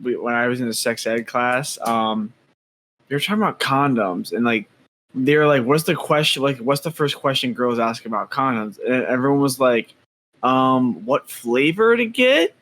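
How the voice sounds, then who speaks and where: A man's voice: mid-range voice, normal speed, a bit bright. A young man co-hosting a podcast, sharing anecdotes and laughing often in casual chat. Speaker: podcast co-host.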